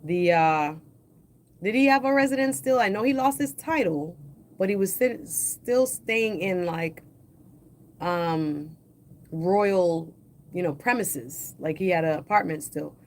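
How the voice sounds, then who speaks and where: A woman hosting a livestream, reading news articles aloud in a slow, deliberate way and adding casual asides of her own. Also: on the low side. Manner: reads quotes slowly and deliberately, adds casual asides. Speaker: livestream host.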